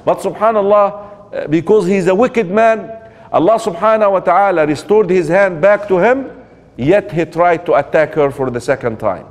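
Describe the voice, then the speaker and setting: In a hall with long reverb, a man delivers a religious lecture as a story, posing rhetorical questions to the audience and weaving in quoted Arabic phrases. His voice sits high and his speed is normal.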